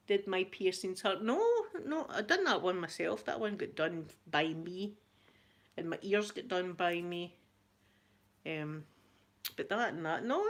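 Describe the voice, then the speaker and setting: Casual Glaswegian woman, mid-range pitch, chatty live-stream host who laughs a lot. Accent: Glaswegian Scottish. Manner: chatty, laughs often, repeats herself. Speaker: ASMR channel host answering live chat.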